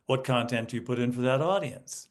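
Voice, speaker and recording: A man, a guest educational consultant on a podcast, explaining speaking skills and acting out examples with lively emphasis. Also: mid-range voice, brisk. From United States. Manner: animated, demonstrates emphasis by acting out student lines. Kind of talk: podcast interview.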